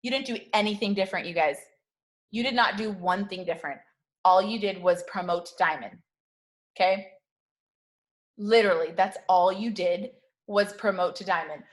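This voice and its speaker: A woman in her thirties giving a motivational talk to her sales team, high-energy and slangy, often tagging "okay?" onto her points. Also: moderate pace. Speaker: network marketing team leader.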